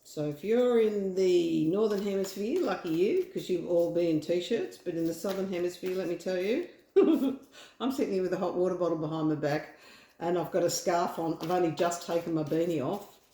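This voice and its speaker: Aussie lady doing a tarot reading, soft mellow tone, kinda echoey room, rambly and reassuring. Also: on the low side, brisk. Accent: Australian. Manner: chatty, reassuring, rambling with fillers. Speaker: tarot reader. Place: home room.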